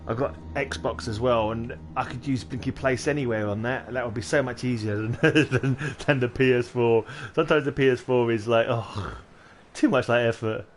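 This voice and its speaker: A man's voice: medium pitch, normal speed, slight background noise. A man, chatting casually on a game livestream and muttering to himself while he builds. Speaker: game streamer.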